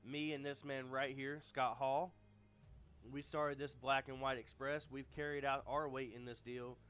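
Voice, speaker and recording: A man's voice: mid-range voice, level tone, a little slow, a bit bright, clear, resonant tone, faint music behind, close to an everyday voice. A man voicing a confrontational male wrestling faction leader, grumbling and blunt, near his own voice.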